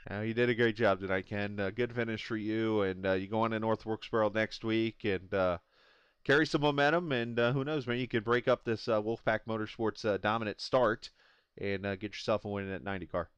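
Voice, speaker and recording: A man hosting post-race interviews on an esports racing stream, joking and laughing easily between questions. His voice is clean and smooth, recorded dry and close. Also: on the low side, steady tone, brisk, a bit bright, no room sound, muffled recording. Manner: jokey, laughs often, many "uh" fillers. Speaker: esports racing broadcast host interviewing drivers.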